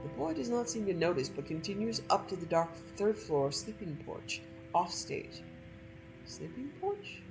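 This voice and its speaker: A woman gameplay streamer reading a story aloud from a game in a measured, expressive way. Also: mid-range voice, gravelly, over music, rough recording.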